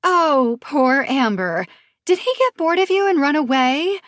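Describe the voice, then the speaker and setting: A woman's voice: high voice, animated, normal speed, no room sound, clean studio sound, voice pushed up. A woman narrator voicing a spiteful, sarcastic young woman in an audiobook thriller, mocking and cutting. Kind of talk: audiobook character voice.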